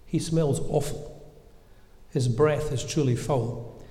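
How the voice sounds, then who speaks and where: A man preaching a sermon in a measured, gentle, earnest way, with reflective pauses. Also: medium pitch. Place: church. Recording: echoey church with long reverb.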